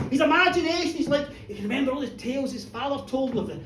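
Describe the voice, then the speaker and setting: A woman telling a comic story to a live audience in a bar, playful and animated, acting out the characters. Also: high voice, racing, hardly any pauses, background noise. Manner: animated, playful, acts out a boy's voice. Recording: echoey bar recorded from far off.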